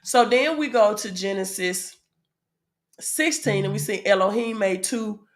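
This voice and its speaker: A woman's voice: mid-range voice, measured pace. A woman with a Southern US accent giving a casual spiritual teaching, with frequent "um" fillers and checks of "right?" to her audience. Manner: asks the audience "right?" often.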